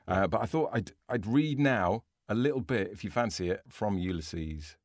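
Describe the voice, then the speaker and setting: A man's voice: on the low side, lively intonation, moderate pace, no echo, studio quality. A man co-hosting a writing podcast, chatting casually and thinking aloud with frequent restarts. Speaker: podcast co-host. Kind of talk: casual chat.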